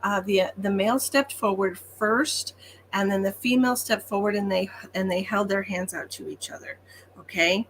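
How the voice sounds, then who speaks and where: A woman's voice: medium pitch, fairly even intonation, normal speed, slight background noise. A woman working as a psychic medium, giving chatty, reassuring readings on a livestream with frequent ums.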